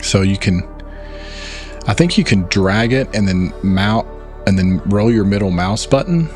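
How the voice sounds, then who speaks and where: A man's voice: on the low side, expressive, unhurried, a little mellow, soft background music. A man with a Southern US accent from Arkansas, chatting casually while explaining game controls in a let's play. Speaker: gaming channel host.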